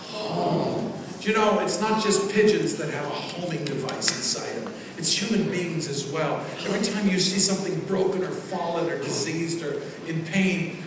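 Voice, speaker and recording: A man preaching a sermon as pastor, swinging between loud proclamations and quiet asides. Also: fairly high pitch. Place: large church sanctuary. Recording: echoey church hall from far off, noisy.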